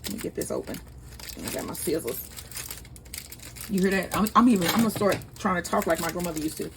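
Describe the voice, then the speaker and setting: A woman's voice: on the low side, expressive, fast, gravelly, background noise. A woman, chatting casually and rambling as she hosts a home cooking vlog. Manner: chatty, rambling, laughs easily. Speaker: cooking channel host.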